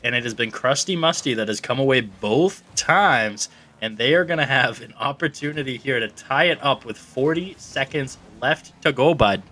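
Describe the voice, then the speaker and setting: A man's voice: medium pitch, expressive, normal speed, bright, forceful tone. A man calling an esports match play-by-play, joking with his co-caster. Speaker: esports commentator. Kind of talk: play-by-play commentary.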